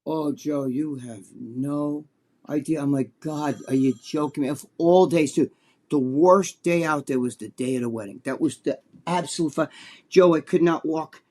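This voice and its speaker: A man with a New Jersey accent co-hosting a podcast, telling a long story in a rambling, profane, animated way. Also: fairly high pitch, normal speed. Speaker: podcast co-host. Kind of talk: casual storytelling chat.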